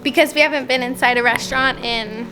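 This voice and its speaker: A young mother in her thirties chats through a casual home vlog, upbeat and quick to laugh. Her voice sits a bit above the usual range for a woman, and she leans on easy fillers as she talks. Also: sits high, fairly even intonation, music in the background, poor audio. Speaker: vlogger and mother. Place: home, at a family dinner table and then in a quiet office.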